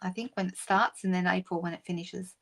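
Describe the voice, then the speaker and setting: A woman's voice: lowish voice, steady tone, brisk. A middle-aged woman hosting a papercraft live stream, chatting casually and greeting viewers by name. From Australia.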